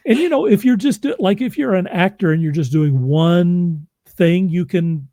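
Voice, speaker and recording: Guy chatting about narrating audiobooks, rambly and self-deprecating, kinda highish but mellow voice, dry close sound. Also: expressive, normal speed, dry recording. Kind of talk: casual chat.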